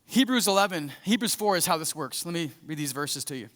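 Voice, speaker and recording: A man preaching a sermon as a pastor, conversational and animated, acting out scenes as he goes. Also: on the high side, a little fast. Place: church sanctuary. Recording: echoey church hall.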